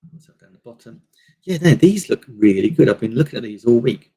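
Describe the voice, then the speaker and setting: A man's voice: mid-range voice, lively intonation, brisk, creaky, warm tone, slightly rough. A man hosting a casual live stream, rambling through products with lots of fillers into a desk microphone. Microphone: desk microphone on a table stand.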